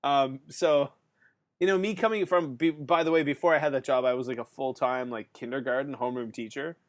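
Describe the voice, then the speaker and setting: A man's voice: mid-range voice, fairly even intonation, fairly quick. A male podcast host in casual chat who rambles, fills his talk with "um" and "like", and laughs often. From Canada.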